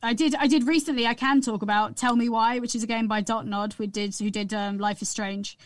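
A young woman, a guest actress chatting on a podcast and telling animated stories. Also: on the high side, brisk, no room sound. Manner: animated storyteller, slips into impressions. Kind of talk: casual podcast chat.

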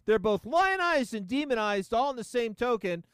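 Casting: male podcast host, high, smooth voice, profane sarcastic rant, dry close sound. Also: animated, normal speed, fairly bright tone, no room sound. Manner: profane, sarcastic, laughing often. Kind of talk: casual comedic rant.

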